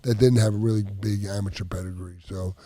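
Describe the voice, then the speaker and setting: A man, a former boxer, telling rambling, halting stories as a podcast host. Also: lowish voice, steady tone, mellow, no echo. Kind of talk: casual storytelling chat. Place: studio with others at a table.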